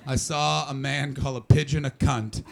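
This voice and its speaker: Gravelly guy doing stand-up, loud and cheeky, swearing a lot, crowd laughing in a small club. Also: mid-range voice, normal speed, heavy background noise. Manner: brash, profane, animated storytelling. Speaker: stand-up comedian. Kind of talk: stand-up comedy with crowd work. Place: comedy club cellar venue.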